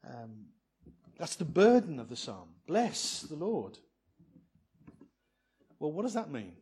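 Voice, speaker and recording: A man with a slightly high, husky voice preaches a sermon. He talks earnestly, sometimes building to fervent emphasis. His delivery is spoken and unscripted. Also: big pitch swings, slow, warm tone.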